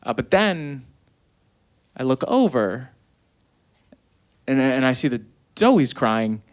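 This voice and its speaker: A man doing a stand-up comedy set on stage, telling stories animatedly and acting out quotes in high voices. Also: very animated, takes it slowly. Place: comedy stage before a live audience.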